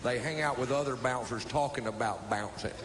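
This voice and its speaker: A man's voice: medium pitch, a little fast, background noise. A man telling a drawling stand-up story and acting out the people in it. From Texas. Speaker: stand-up comedian. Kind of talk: stand-up comedy.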